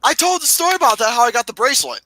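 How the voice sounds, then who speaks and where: A man telling a story in a casual chat, profane and animated. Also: very high-pitched, racing, no room sound, rough recording. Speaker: co-host.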